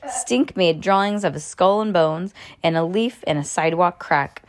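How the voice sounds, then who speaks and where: A woman's voice: lowish voice, moderate pace. A woman reading a children's book aloud to her child, breaking off for chatty, amused asides.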